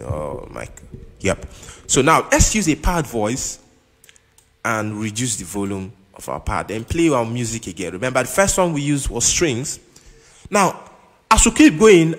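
With a medium-pitched voice, a man teaches keyboard in an informal way, stumbling through restarts and repeated words while asking "you understand?" again and again. The room is reverberant, producing a long reverb, and keyboard music plays underneath.

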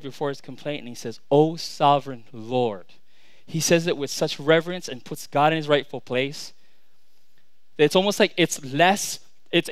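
A man in his thirties preaches a sermon in a high, smooth, resonant voice. He repeats and restarts words, then swings from loud declarations to quiet asides. The recording is dry and close. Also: no echo. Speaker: pastor.

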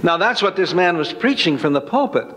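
A man's voice: sits high, expressive, fairly quick, a bit bright. A man giving a spoken personal testimony, telling it as a folksy, dramatic story. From Northern California. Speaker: testimony speaker. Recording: long hall reverb.

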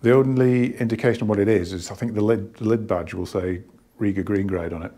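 Casual male vlogger, out of breath, low husky voice, hesitant and rambling. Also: fairly even intonation, fairly quick, mellow. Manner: rambling, hesitant, many restarts. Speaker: hi-fi shop owner. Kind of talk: casual product talk to camera.

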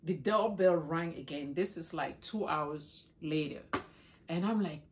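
A middle-aged woman chatting casually in a home vlog, exclaiming excitedly while she opens gifts. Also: sits low, measured pace, noisy background. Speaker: vlogger.

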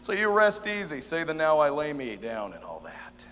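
A man's voice: fairly high pitch, very animated, moderate pace, a bit bright, long reverb tail, a little hiss or hum, pitched below the performer's own voice. A man playing a chummy, folksy voicemail God. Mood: breezy. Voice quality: folksy drawl, easygoing. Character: laid-back friendly male God on voicemail.

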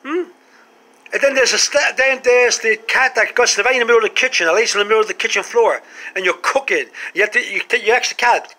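A man vlogging a comic monologue to camera, animated and full of rhetorical questions. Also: very high-pitched, fast.

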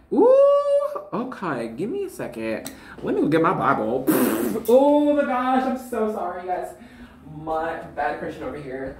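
A woman's voice: lowish voice, darkish tone, reverberant, slight background noise. A woman in her twenties giving a casual tarot reading, chatty and slangy, laughing often. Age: 20s. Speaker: tarot reader.

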